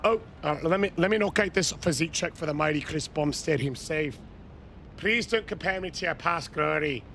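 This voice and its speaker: Hyped, gravelly male game streamer. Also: a little high. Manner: loud, hyped toasts to chat, shouting cheers. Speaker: gaming streamer. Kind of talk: live game stream chat.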